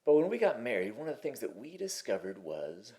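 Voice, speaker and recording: A man's voice: mid-range voice, huge pitch swings, fairly quick, mellow. A man in his forties hosting his own channel, talking casually and candidly from his kitchen table. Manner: conversational and candid, with restarts. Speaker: host. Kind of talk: casual to-camera talk.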